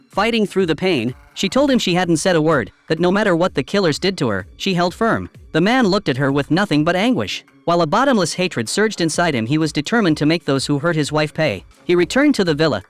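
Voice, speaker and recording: A man reading a scripted film recap in a steady, dramatic storytelling manner. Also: on the high side. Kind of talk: scripted narration.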